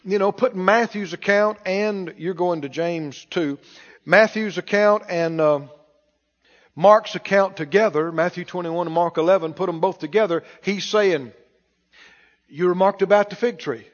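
A man's voice: high voice, big-room sound, muffled recording. A male preacher giving a sermon and asking the congregation rhetorical questions.

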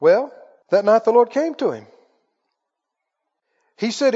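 A man's voice: extremely high pitch, sing-song, slow, mellow, slightly rough, in a large hall, dull audio. A man preaching a sermon, dramatic and full of rhetorical questions as he tells the story.

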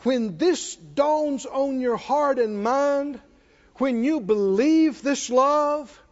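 High-voiced male preacher in a reverberant hall. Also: drawn-out words. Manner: repeats phrases for emphasis, calls for congregation responses. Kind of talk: sermon. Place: church hall with congregation. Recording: reverberant hall, dull lo-fi sound.

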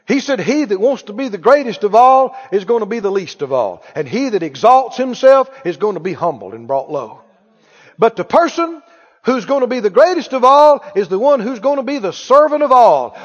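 A male pastor preaching a sermon, animated, putting questions to the congregation and drawing responses. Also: very high voice, moderate pace. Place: church sanctuary. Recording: muffled, reverberant church hall.

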